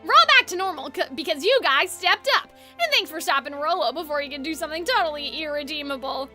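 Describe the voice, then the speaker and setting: A woman's voice: sits high, lively intonation, quick pace, pushed and bright, soft background music. A woman voicing a chummy, folksy male stone gargoyle with drawled slang in a game read-aloud. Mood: folksy cheerful.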